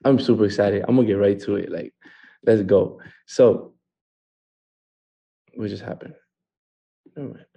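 A man's voice: fairly low pitch, fairly quick, gravelly, mellow, slightly rough. A man hosting a live online training call from a home, talking in an upbeat way and repeating words for emphasis. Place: a home in California.

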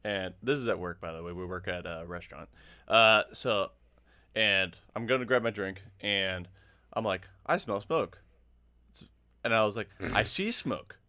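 Lower-voiced young man telling a story. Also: moderate pace, smooth. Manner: animated storyteller, acts out quotes. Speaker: podcast co-host. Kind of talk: casual podcast storytelling.

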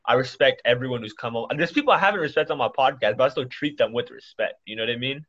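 A man hosting a podcast in casual chat, quick to interject and saying bro a lot. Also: medium pitch, a bit bright, lo-fi sound. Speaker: podcast host.

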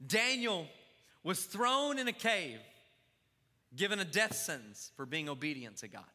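High, bright-voiced preaching pastor. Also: male voice, very animated, a little slow. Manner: fervent preaching with crowd call-outs. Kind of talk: sermon. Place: church sanctuary. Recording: long church reverb.

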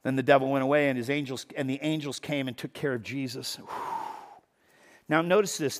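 A man preaching a sermon in a conversational, animated way, with sudden loud bursts for emphasis. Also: medium pitch. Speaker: pastor. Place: church sanctuary.

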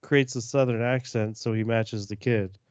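A man's voice: medium pitch, steady tone, moderate pace, no echo. Joking man on a dull, dry mic. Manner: joking, playful, argumentative. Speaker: podcast co-host. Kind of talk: casual chat.

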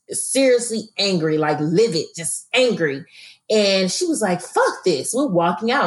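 A woman from Alabama, co-hosting a podcast and telling a personal story in an earnest, emphatic way. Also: medium pitch. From Birmingham, Alabama. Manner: earnest, emphatic, frequent fillers. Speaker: podcast co-host.

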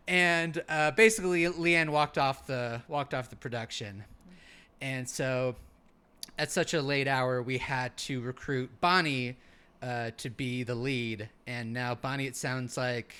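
Comedic co-host, male, bright and crisp voice, halting improv delivery. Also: medium pitch. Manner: rambling, halting, full of fillers. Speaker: podcast co-host in character as a park ranger.

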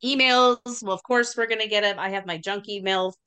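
A woman's voice: mid-range voice, brisk, bright, forceful tone, clean tone. A woman co-hosting a casual podcast, blunt and sweary in her talk. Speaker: podcast co-host. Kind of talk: casual chat.

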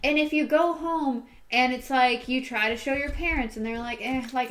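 In casual conversation, a woman with a high-sitting voice tells stories animatedly at a normal speed. She acts out the voices of the people she quotes.

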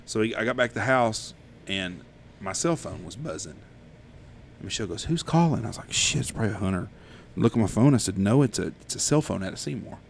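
Fast-talking gravelly man. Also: on the low side, slight background noise. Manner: profane, animated storyteller. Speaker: podcast host. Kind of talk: casual storytelling.

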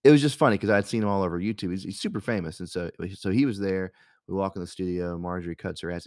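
A man's voice: sits low, quick pace, a little mellow, dry recording, studio quality. A young man, a radio host telling stories in a rambling, casual way, full of fillers and restarts. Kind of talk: casual storytelling monologue.

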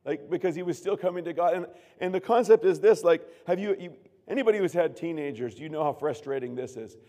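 A man preaching a sermon as pastor, earnest, moving from hushed tones to loud emphatic bursts. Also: fairly high pitch, expressive, fast talker. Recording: long reverb of a large room.

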